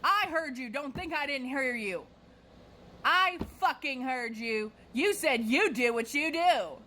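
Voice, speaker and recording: A woman voicing a furious woman customer who shouts and curses in rapid accusations. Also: high voice, lively intonation, a little hiss or hum, pitched above the performer's own voice, exaggerated voice. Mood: enraged.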